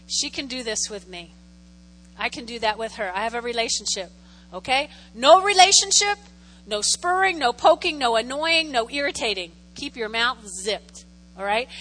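A middle-aged woman pastor preaching a sermon in a lively, teasing way, speaking straight to her congregation. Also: sits high, in a large hall, slight background noise, low-quality recording.

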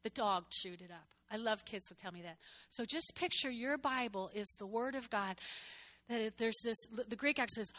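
Bright, high-voiced woman preaching. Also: moderate pace, slight background noise. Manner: animated, chatty preaching with asides to the congregation. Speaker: pastor. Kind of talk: sermon.

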